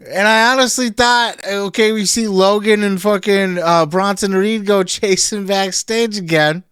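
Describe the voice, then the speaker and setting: A man reviewing a wrestling show in casual solo commentary, profane and animated, laughing often. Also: high voice, slow pace, clear, resonant tone, no echo, studio quality.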